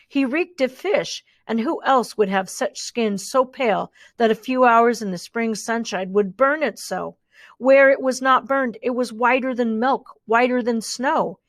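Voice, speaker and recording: A woman voicing a calm, capable healer woman in a storybook reading. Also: on the high side, unhurried, dry recording.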